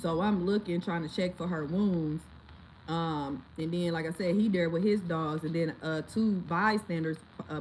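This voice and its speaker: A woman vlogger casually telling her viewers a story, animated and dramatic, speaking. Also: lowish voice, a little hiss or hum, rough recording. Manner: animated, dramatic retelling with loud outbursts.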